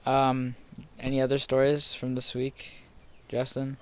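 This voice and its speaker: A man's voice: mid-range voice, monotone, unhurried, clean tone. Laid-back young man asking questions. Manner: laid-back, short prompts. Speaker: podcast co-host. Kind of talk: casual chat.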